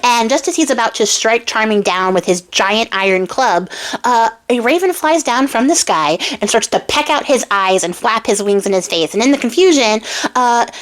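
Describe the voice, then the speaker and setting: A woman's voice: a little high, animated, moderate pace, rough recording. A woman host casually retelling a fairy tale with chatty, slangy asides. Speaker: storyteller, channel host. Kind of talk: casual storytelling.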